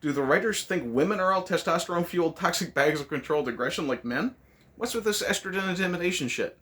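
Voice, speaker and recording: A man's voice: high voice, lively intonation, fast, fairly bright tone. Sarcastic, cursing man reviewing a movie. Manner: sarcastic, profane ranting.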